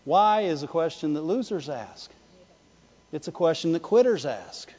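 A male preacher giving an animated sermon, swinging between loud declarations and hushed asides, often laughing and calling for the congregation's response. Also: a little high, measured pace. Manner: laughs often, calls for "Amen" and "Right". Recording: dull lo-fi sound with long hall reverb.

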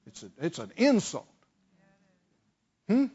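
A pastor preaching a sermon, leading the congregation in call-and-response and swinging between shouted and hushed lines. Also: male voice, sits high, wildly swooping pitch, takes it slowly, husky, dull audio.

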